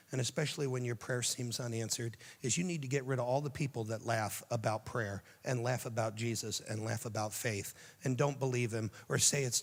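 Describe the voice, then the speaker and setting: A man giving a youth sermon, telling the story dramatically and dropping to a hushed, tender voice for quoted lines. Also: mid-range voice, long reverb tail. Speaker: youth speaker.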